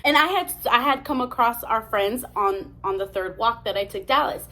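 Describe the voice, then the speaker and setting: A woman's voice: a little high, moderate pace, bright, forceful tone. A young woman vlogger dramatically retelling a story, full of "I'm like" asides. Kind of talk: storytime narration.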